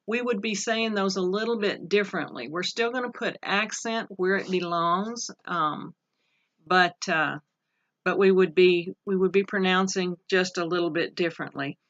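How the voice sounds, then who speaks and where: A woman teaching a recorded online pronunciation lesson, reading word lists slowly and carefully with pauses and fillers. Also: on the low side, fairly bright tone. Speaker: Spanish teacher. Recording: dull lo-fi recording.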